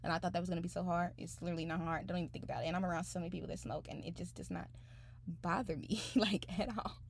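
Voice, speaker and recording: A woman's voice: fairly low pitch, fairly even intonation, very fast, creaky, slight background noise. A woman hosting her own podcast, talking in a chatty, upbeat way full of "you know" and "like". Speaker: podcast host. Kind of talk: casual podcast monologue.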